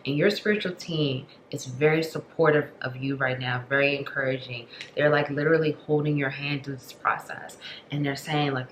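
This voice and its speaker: A woman giving a spiritual tarot reading in an affectionate, rambling way, full of "like" and "you know", at times dropping into soft whispers. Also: very deep voice, steady tone, normal speed, echoey room, slight background noise, rough recording. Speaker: tarot reader.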